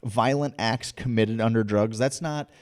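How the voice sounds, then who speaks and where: A man's voice: mid-range voice, a little slow. A man co-hosting a casual podcast, ranting passionately and emphatically, restarting his sentences as he pushes his points. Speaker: podcast co-host.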